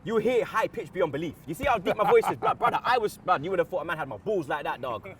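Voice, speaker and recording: A man talking football as a fan pundit in excitable, slang-filled chat, telling stories with loud outbursts. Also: high-pitched, fast, a little hiss or hum.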